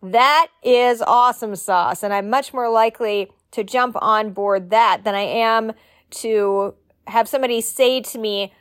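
A woman's voice: a little high, unhurried, a bit bright, dry recording. Dry-sounding chatty woman. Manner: chatty and joking, with asides. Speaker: editor and publishing coach. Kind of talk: solo podcast talk.

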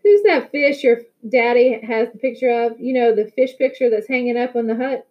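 A woman's voice: on the high side, moderate pace, highs cut off, natural voice. A woman voicing a swaggering teenage boy bully with a taunting, mocking manner. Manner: taunting, sneering, loud.

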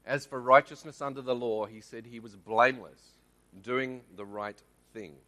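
Bright-voiced Australian man teaching in church. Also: medium pitch, moderate pace. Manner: conversational, checks in with the audience. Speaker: lay preacher.

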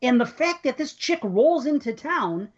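A woman with a slightly high, husky voice chats about movies in a loose, animated way, swearing freely as she makes her points. The sound is dull and lo-fi. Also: unhurried. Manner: animated, profane, chatty storyteller. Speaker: podcast co-host. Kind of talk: casual movie discussion chat. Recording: dull lo-fi recording.

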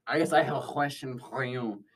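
A man's voice: mid-range voice, normal speed, distant mic, slight background noise. A man improvising a comedy interview as an evil scientist, rambling and goofy, often correcting himself.

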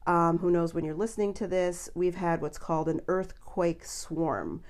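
A woman's voice: fairly low pitch, moderate pace, darkish tone. A woman hosting a podcast, telling a story in casual chat with frequent laughs. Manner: chatty storyteller, laughs often. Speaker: podcast host.

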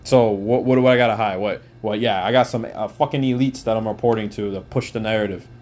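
Fast and fairly even in intonation, a man in his twenties with a lowish, darkish voice delivers a profane, angry podcast rant aimed right at the listener, swearing often.

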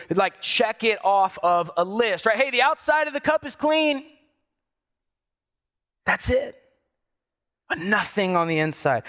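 Man, pastor giving a sermon; high, bright voice, conversational and building to emphatic repeated lines. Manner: conversational preaching with asides to the congregation.

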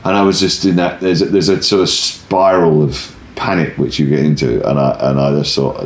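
A man's voice: deep voice, brisk, hardly any pauses, roomy sound. A stand-up comedian, a man, telling a rambling anecdote in an interview, often breaking off and starting his sentences again. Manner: rambling, self-interrupting, animated anecdote teller. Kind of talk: conversational interview storytelling.

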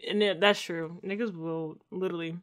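A woman in casual chat, co-hosting a TV show recap and acting out quotes in a slangy, animated way. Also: lowish voice, normal speed, smooth. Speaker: podcast co-host recapping a TV show.

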